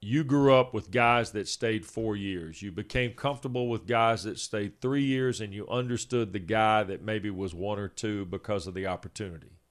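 A man in his fifties co-hosting a sports talk show. His voice sits a little low, and he works through his points one by one in a measured way. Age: 50s. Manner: measured, lays out points in order. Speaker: sports radio co-host.

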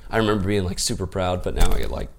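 Gravelly, low-voiced man telling a story. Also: racing, background noise. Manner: laid-back, peppered with "like" and "dude"; grows animated and proud as he tells the story. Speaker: podcast guest. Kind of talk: casual storytelling.

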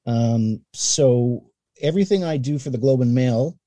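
A middle-aged man from Canada spins anecdotes about his career in a relaxed, easygoing interview. His voice is very mellow and dark-toned, and he livens up his stories by acting out the people he quotes. The recording is dry and close, with no room sound. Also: mid-range voice, a little slow, no room sound. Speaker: guest, newspaper columnist and radio voice. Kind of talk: casual interview storytelling.

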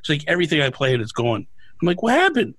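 A man talking as a podcast guest in casual chat, quick and emphatic with joking asides. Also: medium pitch, fairly bright tone, no room sound, poor audio.

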